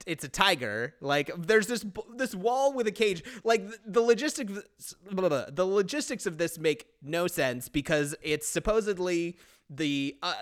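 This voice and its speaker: Man co-host, casual chat, lively rambling delivery, clean resonant tone, pitched a bit high. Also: clear, resonant tone. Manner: animated, swearing, rambling with restarts. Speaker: podcast co-host. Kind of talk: casual chat recapping a movie.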